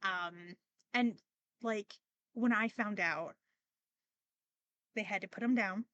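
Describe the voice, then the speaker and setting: Rambling bright-voiced woman host. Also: medium pitch, slow pace, dry recording, highs cut off. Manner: rambling, many fillers and restarts; emotional, near tears at times. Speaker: podcast host. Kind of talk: casual personal monologue.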